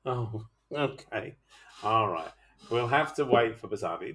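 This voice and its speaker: A man's voice: on the low side, lively intonation, unhurried, a bit bright. A middle-aged man teaching chemistry in an online class, talking through problems in a chatty, teasing way and coaxing his students to speak up.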